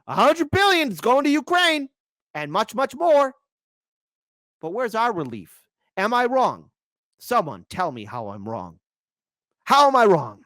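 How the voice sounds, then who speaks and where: A man hosting a political commentary livestream, sarcastic and switching between loud outbursts and quiet asides. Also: very high voice, wildly swooping pitch, measured pace, pauses often, no echo, clean studio sound.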